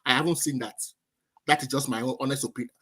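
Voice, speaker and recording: A man's voice: medium pitch, fairly even intonation, fast, bright, forceful tone, husky. A man, calling in to a discussion and arguing with many stammered restarts. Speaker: caller. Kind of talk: casual debate.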